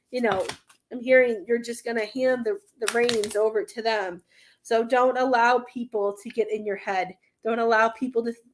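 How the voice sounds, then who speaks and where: Higher-pitched young woman doing live tarot readings, earnest and meandering, near tears at times. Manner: earnest, rambling, emotional, many fillers. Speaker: tarot card reader.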